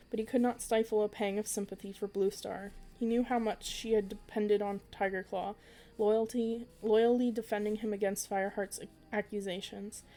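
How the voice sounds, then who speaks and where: Lady reading a bedtime story for a podcast, pretty monotone, stumbles now and then. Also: medium pitch. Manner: even, occasional slips and restarts.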